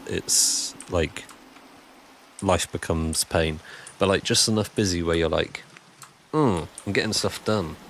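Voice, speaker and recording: A man's voice: low-pitched, vocal fry, fairly bright tone, slight background noise. A man chatting casually and rambling on a live stream while he builds, answering chat as he goes.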